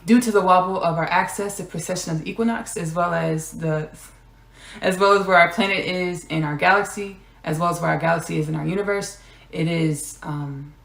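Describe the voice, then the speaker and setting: Woman host, low gravelly voice, channeling monologue with repeated lines and drifts into whispers. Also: echoey room. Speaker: podcast host.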